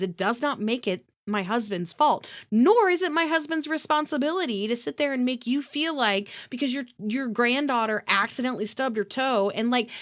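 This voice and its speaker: A woman co-hosting a podcast, telling a story in a heated, profane rant. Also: on the high side. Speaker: podcast co-host. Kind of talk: casual chat.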